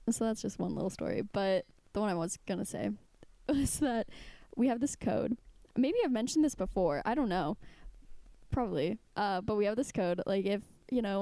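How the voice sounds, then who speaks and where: Giggly young woman with a mellow voice. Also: fairly high pitch, clean tone, no room sound. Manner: giggly, rambling storyteller. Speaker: podcast co-host. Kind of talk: casual chat.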